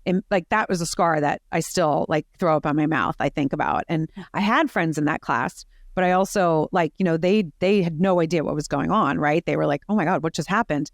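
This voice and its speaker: A woman's voice: deep voice, brisk, few pauses, no echo, clean studio sound. A middle-aged woman, a podcast guest, telling personal stories animatedly with many fillers and restarts. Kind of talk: personal storytelling in conversation.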